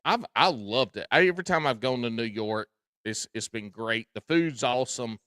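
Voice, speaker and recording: A man's voice: medium pitch, animated, moderate pace, fairly bright tone, dry recording, clean studio sound. A man hosting a podcast, speaking with a Southern US drawl in casual chat, folksy and freely swearing as he tells stories. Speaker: podcast host.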